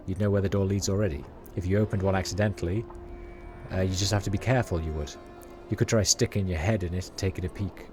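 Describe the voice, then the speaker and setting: A man's voice: lowish voice, natural voice. A man voicing a chatty, superstitious male rat catcher, reading slangy street talk aloud with small stumbles.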